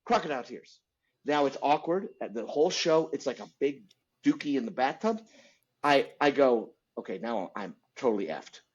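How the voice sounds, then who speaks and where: A middle-aged man, a comedian, telling stories in a lively podcast chat and acting out the people in them. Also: on the high side, moderate pace, slightly rough, highs cut off. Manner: animated, acts out voices. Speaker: comedian guest. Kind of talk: storytelling in casual chat.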